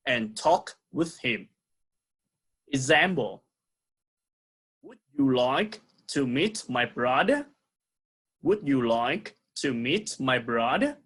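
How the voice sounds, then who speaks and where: Guy w/ vietnamese accent teaching kids english, slow and patient, says everything twice. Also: medium pitch, a bit bright, husky. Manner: slow, repeats words for pupils to echo. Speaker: primary school English teacher. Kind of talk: recorded online lesson.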